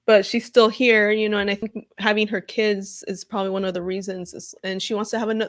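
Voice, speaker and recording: A woman's voice: mid-range voice, steady tone, fairly quick, few pauses. Heated woman ranting through a reaction video. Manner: heated and upset, rambling with many fillers; reads viewer comments aloud. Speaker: comedian reacting to news. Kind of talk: casual emotional reaction vlog.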